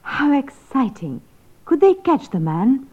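Woman student, polite questioner, lively pitch, thin phone-like sound. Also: slow pace, husky. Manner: polite, inquisitive. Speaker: student in a lesson. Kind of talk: scripted language lesson. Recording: tinny phone-like old recording.

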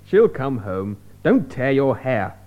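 An actor playing an impatient, exasperated parent in an English-learning radio sketch. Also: male voice, medium pitch, very animated, takes it slowly, muffled recording.

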